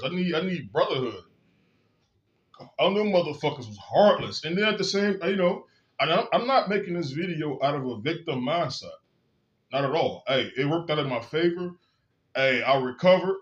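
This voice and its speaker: A man vents his own story straight to camera in a candid monologue. He talks bluntly, swears freely and hammers his points with emphasis. His voice sits somewhat high, and the recording sounds dull and lo-fi. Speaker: vlogger.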